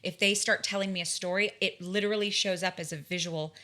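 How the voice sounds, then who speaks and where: A woman in her forties, a guest in an interview, telling personal stories in an animated way, often restarting her sentences. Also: on the low side, brisk. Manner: animated, vivid storytelling with frequent restarts. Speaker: guest, tarot reader and spiritual guide. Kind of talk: conversational storytelling in an interview.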